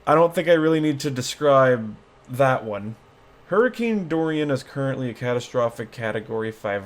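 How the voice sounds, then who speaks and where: A man vlogging a casual reaction video, rambling with many fillers and restarts. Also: mid-range voice. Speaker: YouTube vlogger.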